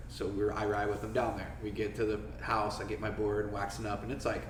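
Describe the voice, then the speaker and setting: A fortysomething man from Florida, USA, is a podcast guest casually telling stories, swearing freely and raising his voice to act out quotes. His voice sits on the low side with little pitch movement, and he talks a little fast with hardly any pauses. The room is echoey, the mic a bit distant, and there's faint background noise.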